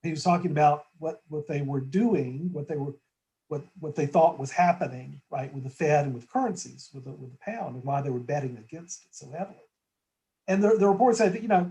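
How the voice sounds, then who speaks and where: A man's voice: on the high side, lively intonation, a little fast, warm tone, highs cut off. A man as a guest in a conversational market discussion, talking thoughtfully with frequent restarts and tag questions.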